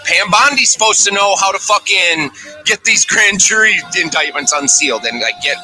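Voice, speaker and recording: A man with a bright, sharp and somewhat high voice delivers a heated, profane rant. He swears constantly and slips into mocking quoted voices. Soft music plays behind him. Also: lively intonation, normal speed, rough recording. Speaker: commentator in a played clip.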